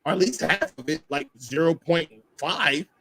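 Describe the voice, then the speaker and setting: Higher-voiced man musing on a podcast. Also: normal speed, gravelly, pushed and bright, slight background noise. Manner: speculative, thinks aloud with numbers and restarts. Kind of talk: casual podcast chat.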